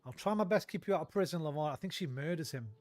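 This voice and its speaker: A man's voice: a little high, expressive, racing, a little mellow. A young man rants and swears casually while streaming a game. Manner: sweary, ranting. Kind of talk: casual gameplay chat.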